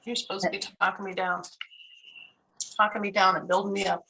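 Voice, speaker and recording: Bright, gravelly woman in a reflective chat. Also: medium pitch, level tone, a little fast, a little hiss or hum, rough recording. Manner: reflective, finishes her co-host's thoughts. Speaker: Bible study co-host. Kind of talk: casual chat.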